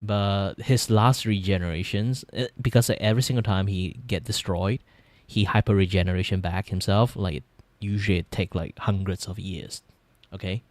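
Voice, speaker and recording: Low-voiced Malaysian man chatting casually. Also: moderate pace, a little mellow, dry recording. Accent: Malaysian English. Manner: rambling, swears freely, laughs often. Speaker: vtuber streamer. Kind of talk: casual livestream chat while drawing.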